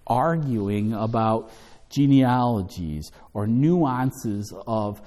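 A man's voice: medium pitch, expressive, very slow, mellow. A man teaching a Bible study, emphatic, stressing and repeating key words and asking rhetorical questions. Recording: long hall reverb.

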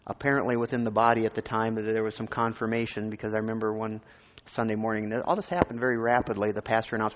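Rambling storytelling man in a reverberant hall. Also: mid-range voice. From Minnesota. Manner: informal, rambling storytelling with frequent restarts. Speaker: pastor. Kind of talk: personal testimony in a sermon.

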